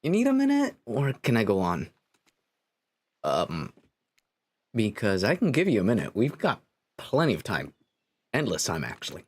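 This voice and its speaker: A man's voice: fairly low pitch, huge pitch swings, moderate pace, long pauses, slightly rough, pitched below the performer's own voice, full character voice. A man doing a sly ominous game narrator. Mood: teasing. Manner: teasing, ominous storytelling. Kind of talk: reading game narration aloud.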